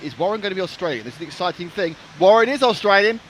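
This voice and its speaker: A man in his fifties rambles cheerfully through live race-stream commentary, with plenty of jokes and asides. His voice sits somewhat high and leaps about in pitch, and there is faint noise behind him. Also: expressive, very fast, a bit bright. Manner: chatty, jokey, rambling.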